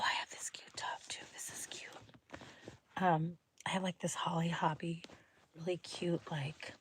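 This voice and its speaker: A woman's voice: on the low side, a little hiss or hum. A woman hosting a casual livestream from home, rambling and often dropping into a whisper as she chats with viewers. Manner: chatty, often drops to a whisper; rambling, thinks aloud. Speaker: livestream host. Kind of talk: casual live chat with viewers.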